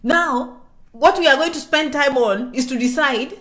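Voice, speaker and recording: Her voice is high-pitched and a little slow as she casually explains immigration developments to viewers. This vlogger keeps tossing in "okay?" and lowers herself to near-whispers for sensitive matters, her delivery lively and moving between loud and quiet.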